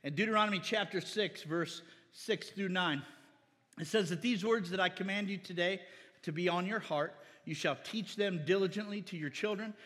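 A high, bright male voice preaches with fervor, calling out for amens and weaving scripture into his exhortation. The middle-aged pastor's words ring through a reverberant church hall. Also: normal speed. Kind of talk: sermon.

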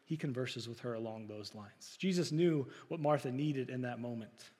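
A man's voice: mid-range voice, normal speed, a little mellow, big-room sound. A man preaching a sermon, talking to the congregation in a conversational way with rhetorical questions. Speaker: pastor.

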